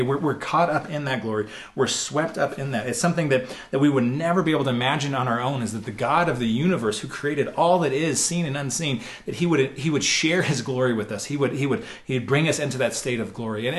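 Brief: male pastor, mid-pitched, earnest and conversational sermon delivery, frequent restarts and repeated words. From United States.

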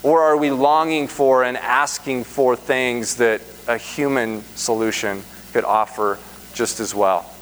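A man's voice: medium pitch, fairly even intonation, unhurried, fairly bright tone. A man preaching a sermon in an earnest, emphatic way, repeating phrases for stress. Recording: reverberant hall, faint hum.

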